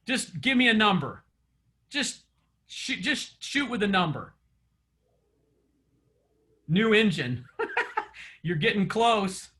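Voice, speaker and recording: Over an online meeting, a man with a high, bright voice leads a chatty coaching session for his group of real estate agents, telling stories and laughing often. His intonation is lively, and he goes slowly with frequent pauses.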